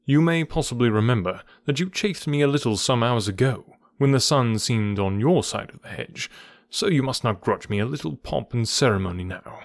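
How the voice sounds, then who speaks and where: Brief: man voicing a poised, witty detective, mid-pitched, dry close recording. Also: no echo, close to an everyday voice. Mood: composed. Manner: measured, dryly amused, composed. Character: calm, theatrical, clever detective man.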